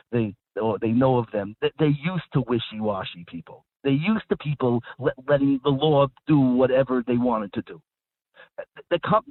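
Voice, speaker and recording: A man's voice: medium pitch, breathy edge, dry recording. A man speaking as a guest rabbi in a radio discussion, talking emphatically with frequent repeated words and restarts. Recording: dry, phone-like line.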